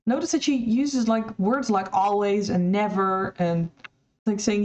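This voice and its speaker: A woman's voice: medium pitch, measured pace, a little mellow. Woman, video commentary, critical and chatty, dull muffled audio. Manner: critical, conversational, hesitant restarts.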